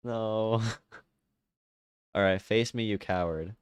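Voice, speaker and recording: A man's voice: on the low side, extremely slow, clean tone, dry recording, studio quality. A man hosting his own political stream, chatting casually and laughing at his own slips of the tongue.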